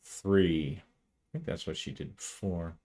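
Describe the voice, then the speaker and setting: A man's voice: low-pitched, unhurried, a little mellow. A man narrating a solo tabletop role-playing session, thinking aloud with frequent restarts. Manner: thoughtful, hesitant, frequent restarts. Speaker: solo game player and narrator.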